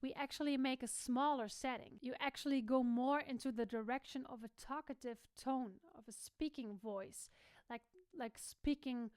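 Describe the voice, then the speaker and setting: A woman's voice: high voice, normal speed, darkish tone, smooth, dry recording. A young woman, teaching a singing lesson and stopping to demonstrate sounds herself. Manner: demonstrative, switching between explaining and sung or spoken examples. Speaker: vocal coach.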